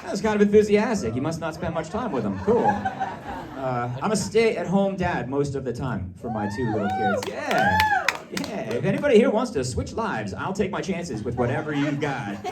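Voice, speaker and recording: A man from Massachusetts doing a stand-up comedy set before a live audience, chatty and riffing, breaking into shouted rants. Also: fairly high pitch, wildly swooping pitch, normal speed, distant mic, a loud crowd.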